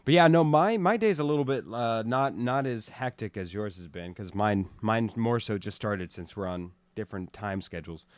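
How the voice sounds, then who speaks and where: A man's voice: lowish voice, moderate pace, few pauses, clean tone, dry recording. A man co-hosting a casual podcast, joking and teasing his co-host as they chat.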